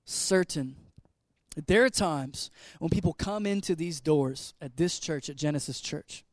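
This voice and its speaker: A man in his twenties, a pastor giving an energetic, joking, conversational sermon in a church. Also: on the high side, measured pace, dry recording, clean studio sound. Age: 20s.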